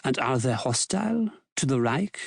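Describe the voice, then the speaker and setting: A man's voice: mid-range voice, sing-song, moderate pace, vocal fry, husky, no echo, clean studio sound, full character voice. A man playing a sardonic Nazi Reichsmarschall. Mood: probing. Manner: probing, mocking questions.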